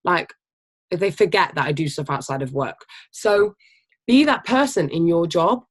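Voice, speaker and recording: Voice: mid-range voice, a little slow, breathy edge. Emphatic, swearing team leader's pep talk. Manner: emphatic, casual, swears freely; animated, energetic. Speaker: team leader of a health business. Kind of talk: motivational team training talk.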